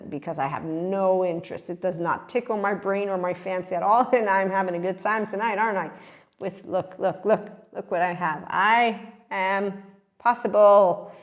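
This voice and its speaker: A woman hosting a podcast, talking in a casual monologue, animated and laughing often as she talks to her listeners. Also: mid-range voice. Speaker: podcast host.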